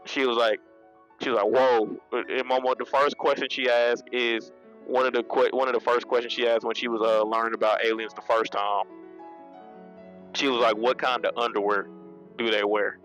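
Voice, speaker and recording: A man's voice: medium pitch, flat delivery, moderate pace, a bit bright, faint music behind, low-quality recording. A man giving a casual spoken manga review, retelling scenes in a loose, slangy way and laughing often.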